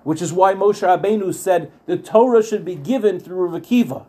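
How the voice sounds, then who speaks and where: A man's voice: sits high, moderate pace, mellow. A man teaching a Torah class, telling the story earnestly and repeating phrases for emphasis.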